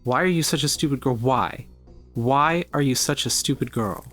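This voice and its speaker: A cold, menacing holy woman voiced by a man reading a game aloud. She scolds in a flat, repetitive way, her voice in the middle register. The read is plain and unhurried. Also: medium pitch, soft background music, natural voice. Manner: repeats the same scolding question flatly.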